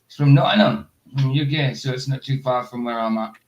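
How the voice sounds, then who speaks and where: A man with a Scottish accent chatting casually, loud and blunt, laughing often. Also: mid-range voice, expressive, brisk, muffled recording, a crowd in the background. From Scotland. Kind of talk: casual chat.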